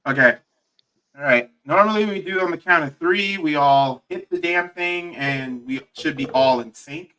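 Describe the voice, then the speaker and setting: A man's voice: fairly high pitch, normal speed, bright, forceful tone, poor audio. A man in his early thirties hosting a casual watch-along chat with friends, joking and leading the group. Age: early 30s. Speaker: podcast host.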